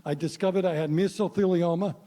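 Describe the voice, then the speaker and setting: A man's voice: high-pitched, steady tone, brisk, mellow. A man in his sixties doing a stand-up comedy set on stage, punchy and wry, talking straight to the crowd. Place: stage before a live audience.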